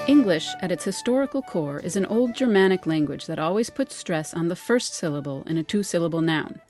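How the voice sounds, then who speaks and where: A woman with an American accent, a linguist and editor, giving a measured, scripted explainer narration. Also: lowish voice, darkish tone.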